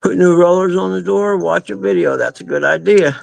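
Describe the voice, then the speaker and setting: A man's voice: high-pitched, moderate pace, creaky, darkish tone, dry recording. A man talking casually to his dogs in a rambling, folksy way during a live stream, in his backyard and doorway at sunrise. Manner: folksy with country grammar. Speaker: vlogger.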